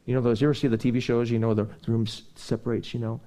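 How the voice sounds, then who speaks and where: Speaking very fast in a mid-range voice, a man preaches a sermon. He rambles conversationally through personal stories before building into animated preaching.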